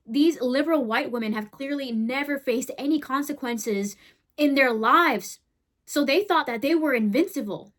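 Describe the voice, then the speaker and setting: A woman hosts a commentary video in a blunt, heated way, pressing each point with a quick "right?" or "okay?". Her voice sits a little higher than most women's. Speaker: host.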